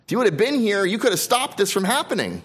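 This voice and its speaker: A man preaching a sermon as pastor, reading scripture aloud and swinging between emphatic loud stresses and quiet drops. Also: sits high, very animated, fast talker, husky. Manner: reads scripture aloud in King James wording.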